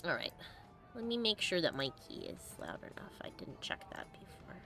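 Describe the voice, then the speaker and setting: A woman streamer talks over her game in a bubbly, giggly way, a little congested. Her voice is bright and lively, with faint music beneath it. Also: on the low side, moderate pace, vocal fry. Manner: bubbly, giggly, chatty with viewers. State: sniffly, congested. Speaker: let's play host. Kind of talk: casual gameplay commentary.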